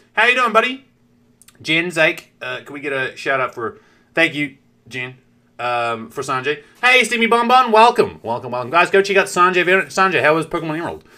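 A man chats to his live-stream audience, telling a long, rambling story and swearing freely. His pitch swings widely from line to line. His voice has a bright, forward edge. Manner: animated, swears freely, talks straight to chat.

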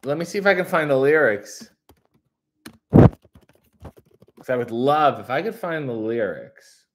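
Jokey man reading chat, very animated pitch. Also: slow, a little hiss or hum. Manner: jokey, sarcastic, rambling. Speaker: livestream host reading chat. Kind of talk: casual live chat.

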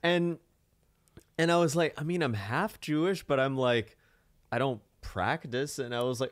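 A man co-hosting a podcast who tells an animated story in casual chat and slips into voices for the people he quotes. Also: medium pitch, moderate pace, dry recording, clean studio sound. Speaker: podcast co-host.

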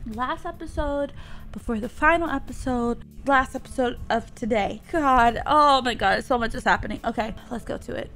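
A woman's voice: on the high side, normal speed, fairly bright tone. A woman hosting a casual reaction video, exclaiming, laughing and talking back to the screen. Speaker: host reacting to a cartoon. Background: faint cartoon audio underneath.

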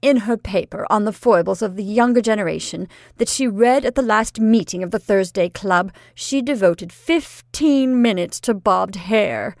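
A woman voicing a fussy middle-aged aunt who scolds loudly and reproachfully. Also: mid-range voice, normal speed, creaky, hardly any pauses, no room sound, studio quality, natural voice. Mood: scandalized. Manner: exclaiming, loud and reproachful.

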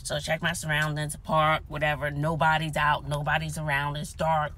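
A woman's voice: deep voice, moderate pace, slight background noise. A woman vlogger telling a dramatic story in casual chat, often dropping to whispers, recorded inside a parked car. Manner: animated, dramatic retelling with whispered asides.

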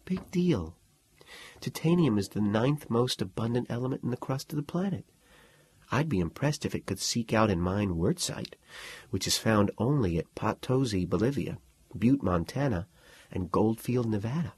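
A man's voice: medium pitch, sing-song, moderate pace, slightly rough, pitched above the performer's own voice. Man reading as a sardonic young woman student. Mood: hushed, sardonic. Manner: sardonic, coolly precise. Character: sharp-witted defiant young woman student.

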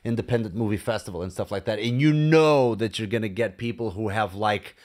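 A man's voice: fairly low pitch, expressive, moderate pace, a little mellow. A man hosting a casual podcast interview, chatty and enthusiastic, with frequent fillers. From Portugal. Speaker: podcast host.

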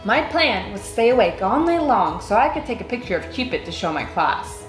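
Woman reading a kids book aloud, lively sing-song voice, echoey room, faint music behind. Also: medium pitch, a little fast. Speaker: children's book reader. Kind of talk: read-aloud storytelling.

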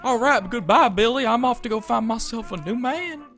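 A woman's voice: a little high, lively intonation, normal speed, fairly bright tone, faint music behind. A woman voicing a crude, melodramatic, man-hungry mother in a survival game, with a theatrical, sing-song delivery. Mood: brash.

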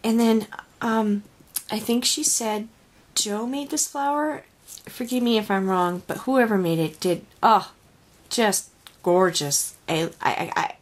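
A woman crafter unboxing a handmade gift in a casual home vlog, gushing and emotional with many sighs and exclamations. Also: medium pitch. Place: home craft room with dog nearby.

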